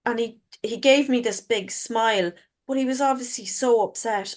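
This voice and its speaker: A woman's voice: fairly high pitch, normal speed. A middle-aged woman, a guest author telling stories frankly in casual chat and swearing freely. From Ireland.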